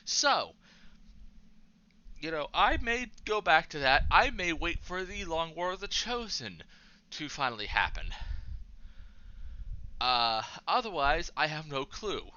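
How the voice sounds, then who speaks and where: Young male vlogger, bright animated voice, profane rambling rant, lo-fi home mic. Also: fairly high pitch, measured pace. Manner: rambling, profane, frustrated ranting. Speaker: YouTuber. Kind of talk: rambling vlog monologue.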